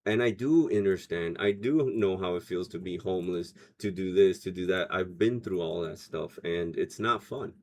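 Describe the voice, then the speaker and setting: Man, low voice, loose rambling livestream host who laughs often. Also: moderate pace, hardly any pauses, a little mellow, a little hiss or hum. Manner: loose, rambling, reads chat comments aloud, laughs often. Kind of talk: casual livestream chat.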